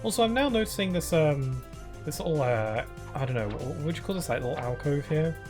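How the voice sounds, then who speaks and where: A man's voice: fairly high pitch, expressive, fairly quick. A young man giving casual, rambling commentary while playing a game on stream, talking into a desk microphone. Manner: rambling, easygoing, many fillers. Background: game music.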